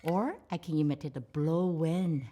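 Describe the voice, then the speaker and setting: A woman's voice: low-pitched, moderate pace. A woman musician with a Chinese accent, explaining her instrument in simple, non-native English and imitating sounds with her voice. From China. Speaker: pipa musician. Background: plucked pipa music.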